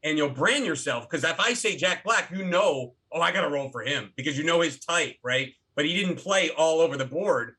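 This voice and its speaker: A middle-aged actor and filmmaker telling stories as a podcast guest, animated and full of restarts. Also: male voice, fairly high pitch, fairly quick, hardly any pauses, husky. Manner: animated storyteller with many restarts. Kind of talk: casual interview talk.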